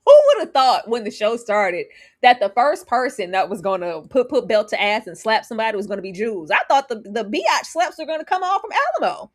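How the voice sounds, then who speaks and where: A woman hosting a live show, chatting casually in an animated, slangy, emphatic way and laughing often. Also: on the high side, brisk. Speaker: host of a live show reviewing a TV series. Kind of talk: casual live-stream chat.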